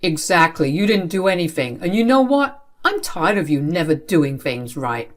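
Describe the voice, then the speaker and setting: A woman's voice: low voice, very animated, normal speed. A woman voicing a stern, unfair middle-aged father who scolds coldly, in her own everyday voice. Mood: harsh. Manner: scolding, cold.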